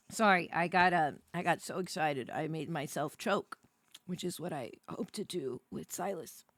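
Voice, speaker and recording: An American woman streamer chatting casually on a live stream, jet-lagged and tired, rambling with many fillers and bursts of excitement. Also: low-pitched, measured pace, long pauses, no echo. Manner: excitable, rambling, many fillers, swings between mumbling and squealing.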